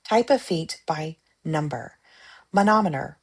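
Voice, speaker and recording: A woman reading study-guide definitions aloud in a measured, list-like way, pausing between terms. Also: on the low side, animated, creaky, husky.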